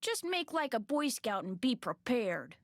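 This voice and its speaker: A woman's voice: on the high side, big pitch swings, measured pace, no room sound, studio quality, faint music behind. An actress playing a talkative, folksy female innkeeper in a video game, with a nasal voice and an odd old-fashioned accent. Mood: folksy chatty. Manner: folksy, talkative, period slang.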